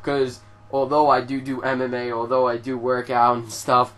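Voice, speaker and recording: A young man telling a story to his viewers in a casual, animated way, swearing often and filling his talk with "like". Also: medium pitch, normal speed. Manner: profane, animated storytelling with frequent fillers. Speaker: vlogger.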